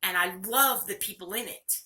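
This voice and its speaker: An older woman speaks straight to her viewers in a personal video, candid and earnest. Her voice is bright, and the talk feels close and confessional. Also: mid-range voice, normal speed. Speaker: vlogger.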